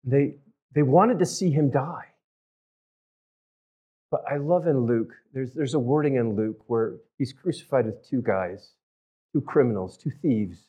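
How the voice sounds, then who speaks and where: A man preaching a sermon, telling stories and shifting from loud emphatic lines to near-whispered ones. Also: medium pitch. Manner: storytelling with big swings from loud to hushed. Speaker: pastor.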